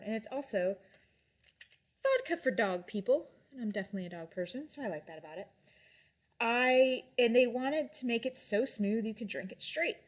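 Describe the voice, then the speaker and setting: A young adult woman in casual chat, reviewing drinks and books in a rambling way with lots of fillers. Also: fairly high pitch.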